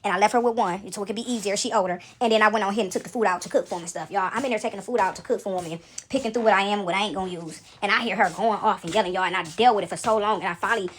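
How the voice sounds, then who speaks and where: Fast-talking woman telling a story. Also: medium pitch, husky. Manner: chatty, addresses viewers as y'all. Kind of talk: casual storytime.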